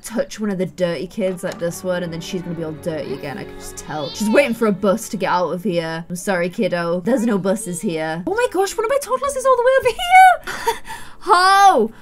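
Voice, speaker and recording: A young Irish woman giving casual let's-play commentary, chatty and exasperated as she scolds the characters on screen. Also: medium pitch. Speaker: gaming YouTuber.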